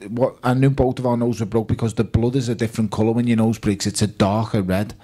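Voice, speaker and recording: A man with a Liverpool accent, a guest at a live fan evening, telling lively stories and quoting himself and others. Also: on the low side, fast talker, husky. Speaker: guest boxer.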